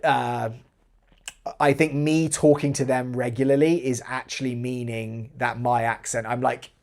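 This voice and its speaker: Southern English man, light American lilt, relaxed live-stream host, mid-pitched, rambling chatter fading at line ends. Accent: southern English with slight American inflection. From southwest London, England. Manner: chatty and rambling, trails off quietly at sentence ends. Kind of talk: casual live-stream Q&A, reading chat aloud.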